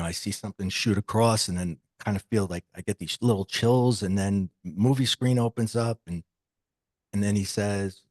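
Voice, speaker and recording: Male podcast guest with a low voice, recorded dry, telling a story with lively acted-out quotes. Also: no echo. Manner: animated, acts out quoted dialogue. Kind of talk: personal storytelling.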